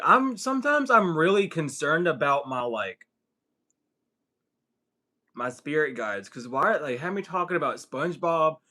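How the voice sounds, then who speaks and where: A man with a bright, forceful voice that sits a little high holds a loose Q&A session. He jokes and rambles off the cuff, swearing freely. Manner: joking, profane, rambling. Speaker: spiritual content creator answering questions. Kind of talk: casual livestream Q&A.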